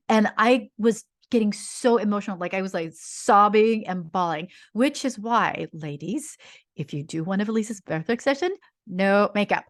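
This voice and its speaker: A woman hosting a podcast, telling a personal story in an earnest, heartfelt way with lots of "like" fillers. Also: mid-range voice. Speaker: podcast host.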